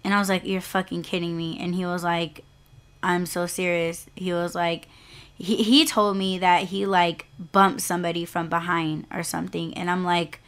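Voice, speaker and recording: A young woman talks through a personal story on her podcast in a loose, rambling monologue. She swears freely and fills her sentences with "like" and "you know". Her voice sits a little low and sounds clean and smooth. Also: steady tone, a little slow, fairly bright tone. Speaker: podcast host.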